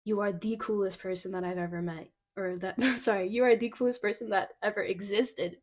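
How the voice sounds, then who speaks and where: A young woman doing a casual intuitive card reading, excitable and giggly, gushing and a bit flustered, full of "like" fillers. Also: mid-range voice, fairly quick. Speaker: tarot card reader.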